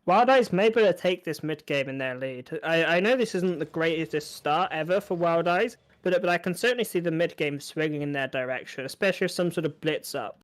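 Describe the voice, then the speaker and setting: A man with a somewhat high voice calls a strategy card game match as a caster. He works through the options out loud, analytical, often repeating a word as he restarts. The delivery is conversational play-by-play. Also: brisk, few pauses. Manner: analytical, frequent small restarts. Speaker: esports caster. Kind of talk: play-by-play commentary.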